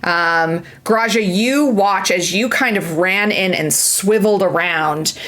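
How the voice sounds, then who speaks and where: A woman narrating as game master of a tabletop game. She talks in a chatty, playful way, with many fillers and restarts, and her pitch sits in the middle. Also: takes it slowly, a bit bright.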